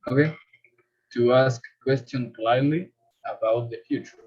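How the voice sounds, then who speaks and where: Man, student, careful halting reading, husky, muffled lo-fi call. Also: mid-range voice, a little mellow. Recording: dull lo-fi call audio.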